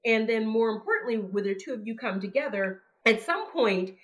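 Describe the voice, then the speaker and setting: A woman's voice: fairly high pitch, expressive, a little fast. A woman, a former police chief, hosting a podcast and framing interview questions with long, conversational context.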